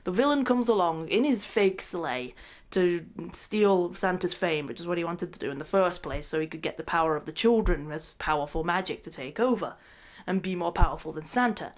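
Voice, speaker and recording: A woman recapping a movie in a rambling, excitable rant, often breaking into laughter mid-sentence. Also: lowish voice, normal speed. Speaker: movie reviewer.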